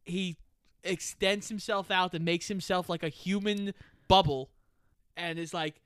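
A man with a high, smooth voice walks through a movie's plot on a podcast. He slips in teasing jokes along the way. The recording is dry and close. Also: fairly even intonation, measured pace, a bit bright, no echo. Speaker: podcast co-host. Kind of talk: casual movie discussion, plot recap.

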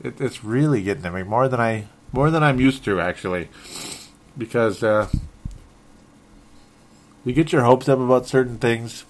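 A man's voice: mid-range voice, moderate pace, pauses often. A man hosting a solo sports talk show, sounding frustrated and rambling, often stumbling and correcting himself. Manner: restarts and self-corrections. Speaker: sports podcast host.

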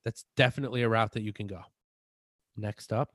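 A man's voice: on the low side, fairly even intonation, a little fast, a bit bright, no echo. Man explaining supplements in dry sound. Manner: explanatory, talks through supplement advice with restarts. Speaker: fitness podcast co-host. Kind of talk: casual chat.

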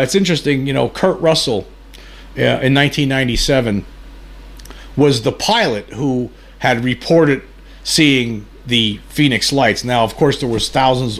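Man hosting, halting with fillers. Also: mid-range voice, fairly bright tone. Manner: halting, many fillers and restarts. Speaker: host. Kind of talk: casual commentary on a video.

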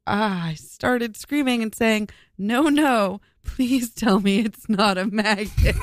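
A young woman with a slightly high voice reads an article aloud on a casual podcast, groaning and cursing in disgust along the way. The sound is dry and close to the mic, with no room around it. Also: slow, few pauses, no room sound. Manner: squeamish, groaning and swearing while reading. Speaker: podcast co-host.

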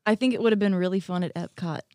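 A woman's voice: mid-range voice, fast talker, darkish tone. A woman chatting casually and telling a self-mocking story. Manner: chatty, self-mocking, laughs through stories.

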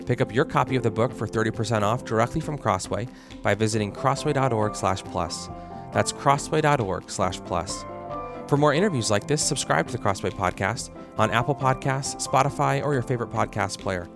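A man hosting a podcast, asking questions and reading the outro in a measured, conversational way. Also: medium pitch, creaky. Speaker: podcast host. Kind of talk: interview and outro. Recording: music underneath.

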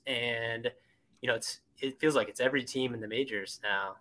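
A man speaking as a podcast guest in casual chat, with lively, animated asides. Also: mid-range voice, normal speed.

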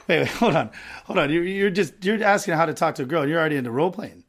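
Brief: rambling podcast host with a fairly high voice, chatty and loose, lots of fillers. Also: male voice, racing. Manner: rambling, joking, full of fillers. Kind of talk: casual chat.

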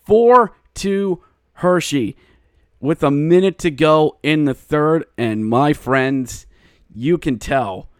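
A male podcast host recapping a hockey game, slipping into excited play-by-play calls and shouting at the goals. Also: fairly high pitch, no room sound, studio quality.

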